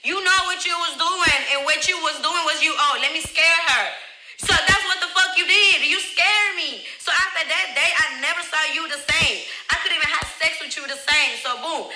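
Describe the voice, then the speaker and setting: A woman's voice: extremely high pitch, normal speed, few pauses, sharp tone, reverberant, poor audio. A young woman and mother bluntly telling her own story to viewers, emotional and swearing, talking straight to the audience. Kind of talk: candid personal storytelling to viewers.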